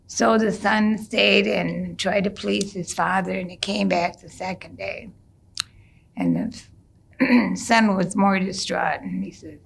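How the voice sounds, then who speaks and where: Slow, gravelly-voiced woman storyteller. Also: on the low side. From United States. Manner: unhurried, with gentle hesitations and restarts. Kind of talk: traditional storytelling, told casually.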